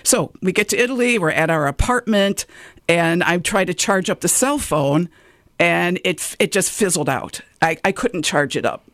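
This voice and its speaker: Woman, animated storyteller, lively swooping pitch, dry close sound. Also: normal speed, dry recording. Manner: animated, self-quoting storyteller. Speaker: guest storyteller. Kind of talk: casual anecdote on talk radio.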